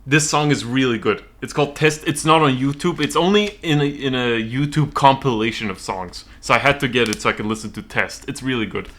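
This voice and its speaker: Speaking briskly with hardly any pauses, a young Swedish man rambles on a home stream, giggling nervously. A desk mic captures his average-pitched voice with its bright, sharp edge.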